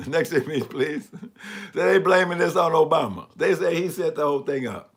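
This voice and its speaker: Talking through slides on a live stream, a man offers sarcastic, mocking commentary on news images and asks for the next picture. His voice is fairly high and expressive, moving at a moderate pace.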